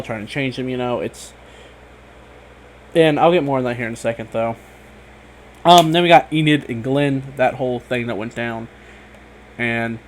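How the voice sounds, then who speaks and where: A man giving a casual, rambling spoken review of a TV episode, excitable and swearing often, full of fillers. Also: mid-range voice, slight background noise.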